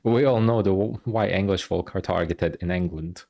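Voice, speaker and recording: A man's voice: low-pitched, moderate pace, creaky, dark tone. A man streaming live, reacting to clips with profane, mocking disbelief.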